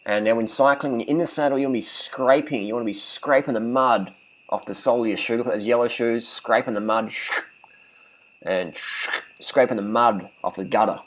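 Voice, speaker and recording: A man doing casual commentary over race footage, coaching viewers on riding technique. He talks bluntly, swears freely and hammers his points home by repeating them. His voice sits at an ordinary middle pitch. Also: a little fast, low-quality recording. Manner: blunt, profane, repeats phrases for emphasis. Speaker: cycling vlogger.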